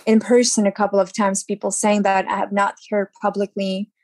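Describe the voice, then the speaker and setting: A young actress, a woman, chatting as an interview guest and telling lively stories. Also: medium pitch, a little fast, no echo. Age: young adult. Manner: animated storyteller who acts out quotes. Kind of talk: casual interview chat.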